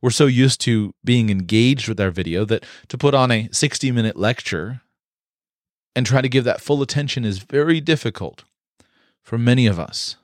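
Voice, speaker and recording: A man giving an instructional talk on communication, explaining in a measured way with occasional fillers. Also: medium pitch, no room sound, studio quality.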